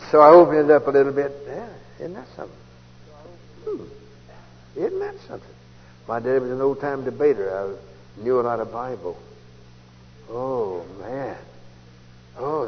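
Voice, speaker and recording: A man telling his conversion story as a sermon, folksy and storytelling, jumping from loud outbursts to hushed asides. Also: medium pitch, sing-song, normal speed, long pauses. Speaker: preacher giving testimony. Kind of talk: testimony sermon. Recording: dull old tape recording in a large hall, faint hiss.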